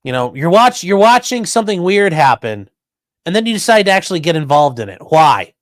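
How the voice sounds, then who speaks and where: Guy mocking news clips on his podcast, lively swooping voice, sarcastic. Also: sits high, brisk, no room sound. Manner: sarcastic, profane, animated mockery. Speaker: podcast host. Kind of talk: casual commentary on news clips.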